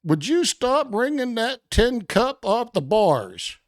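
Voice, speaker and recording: A show host narrating a game in a joking, mock-panicked way, swearing often, stammering and repeating itself, later sliding into a gruff, bossy police-officer act. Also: mid-range voice, big pitch swings, takes it slowly, no echo, studio quality. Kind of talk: profane, joking gameplay commentary.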